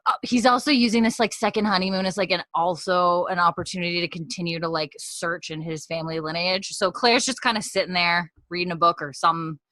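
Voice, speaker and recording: A woman's voice: on the low side, steady tone, brisk, hardly any pauses, bright, forceful tone, dry recording. A woman co-hosting a podcast, recapping a show in a rambling, giggly way with lots of fillers. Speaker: podcast co-host recapping an episode. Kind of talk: casual chat. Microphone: desk podcast mic.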